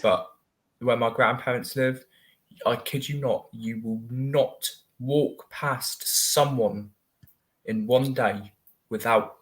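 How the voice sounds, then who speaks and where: A man joins a casual chat, laughing often as he talks. He speaks slowly and rambles, leaning heavily on "like" as a filler. His pitch stays in the ordinary middle range. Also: fairly even intonation.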